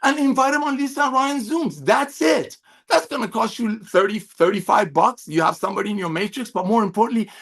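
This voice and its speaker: Effusive high-voiced man on a video call. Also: a bit bright, slightly rough. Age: middle-aged. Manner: effusive, emphatic, preacher-like. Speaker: company executive. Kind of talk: motivational sales pep talk.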